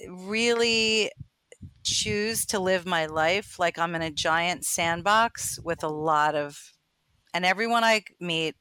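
A woman in her fifties, a photographer guest, telling anecdotes in a bubbly, animated way and acting out the voices in them. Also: on the low side, slow pace, a little hiss or hum. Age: 50s. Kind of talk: casual interview storytelling.

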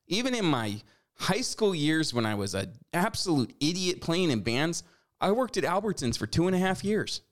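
A man's voice: on the high side, sing-song, moderate pace. A man in his forties hosting a talk show, giving sarcastic, scolding commentary. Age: 40s. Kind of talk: opinion commentary.

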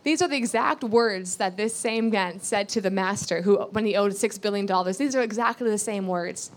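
A woman's voice: mid-range voice, moderate pace. Earnest woman teaching a sermon. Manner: earnest, repeats key phrases, asks rhetorical questions. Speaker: Bible teacher. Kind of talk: sermon teaching with scripture reading.

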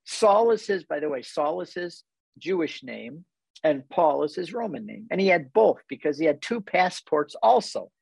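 A man's voice: fairly high pitch, big pitch swings, moderate pace, gravelly, darkish tone, breathy edge, dry recording, rough recording. A man telling a personal story in conversation as a guest who leads tour groups, earnest and reflective and easily moved.

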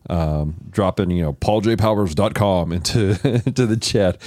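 Very deep, mellow man podcast co-host. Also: no echo. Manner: laughs a lot, halting with fillers. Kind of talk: casual chat.

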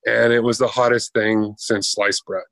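A man's voice: fairly low pitch, level tone, normal speed, gravelly, fairly bright tone, dry recording. A man telling a long anecdote in casual chat, rambling and conversational.

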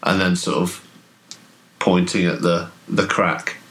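A man running a tabletop horror game as game master, telling the scene in a relaxed, hesitant way with many fillers. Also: low voice, slow. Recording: podcast audio.

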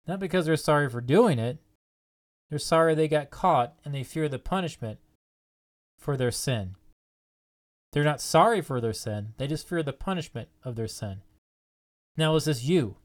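A man preaching a sermon, asking his listeners earnest, repeated rhetorical questions and stressing key points. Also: on the high side.

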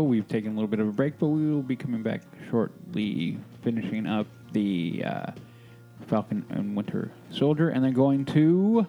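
A male podcast co-host with a very lively, up-and-down voice. He chats casually and upbeat. Faint music sits under his talk. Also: medium pitch, dull audio. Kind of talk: casual chat.

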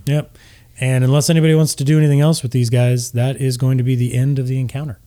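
A man narrating a tabletop game as game master, in a relaxed, hesitant way. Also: medium pitch, fast talker, faint music behind.

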